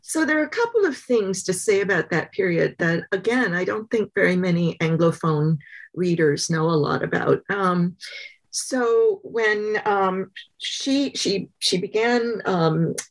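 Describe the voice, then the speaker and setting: A woman, a guest author, telling stories in a relaxed interview, pausing often and thinking aloud with fillers. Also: mid-range voice. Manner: thoughtful, many pauses and fillers. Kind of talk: conversational interview storytelling.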